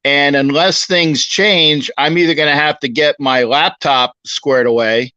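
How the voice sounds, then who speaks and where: Speaking through his phone with muffled audio, a sixties-aged guest talks modestly and chattily in a casual interview, downplaying himself. His fairly high, sharp voice holds a fairly even intonation at a measured pace, with no room sound.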